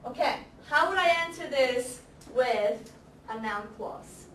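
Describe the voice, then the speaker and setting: A woman teaching an English grammar class, speaking slowly and deliberately, repeating example sentences and quizzing her students. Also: high-pitched, lively intonation, a bit bright. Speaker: ESL teacher. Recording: echoey classroom, camera far off, faint noise.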